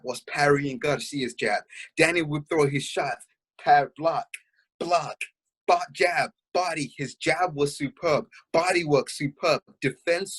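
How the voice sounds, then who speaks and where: A young man, chatting excitedly as co-host of a boxing talk show, with lots of fillers. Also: on the high side, breathy edge, poor audio. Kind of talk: casual chat.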